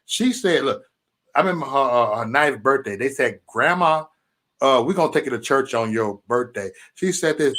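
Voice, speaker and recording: A man co-hosting a casual podcast chat, telling funny stories in an animated, joking manner. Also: medium pitch, normal speed. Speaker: podcast co-host.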